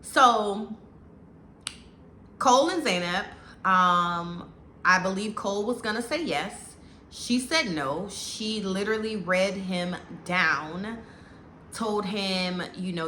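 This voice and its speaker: A woman's voice: mid-range voice, lively intonation, slow, bright, forceful tone. A woman giving a casual, opinionated recap of a reality show, talking bluntly and with animation. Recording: echoey room with faint noise.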